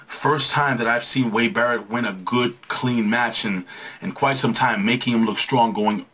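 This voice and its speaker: A man's voice: medium pitch, measured pace, fairly bright tone, slightly rough. A young man hosting a casual wrestling recap, rambling with frequent restarts and fillers. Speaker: wrestling show recap host.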